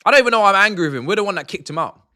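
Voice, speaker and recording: A young man, ranting and exasperated while streaming a football watch-along, swinging from shouts to grumbling mutters. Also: high-pitched, animated, racing.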